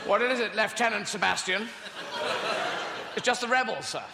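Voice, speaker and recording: A man's voice: sits high, moderate pace, vocal fry, voice pushed up. A man with a stand-up comedy voice playing a fussy, plummy upper-class English space officer. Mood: flustered. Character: flustered posh British male space officer. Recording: echoey hall, loud crowd noise.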